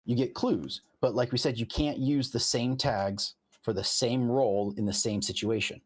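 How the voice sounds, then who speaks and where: A man's voice: medium pitch, fairly even intonation, moderate pace, slightly rough. A man, the game master, explaining tabletop game rules in casual chat, walking through them step by step with examples and restarting his sentences.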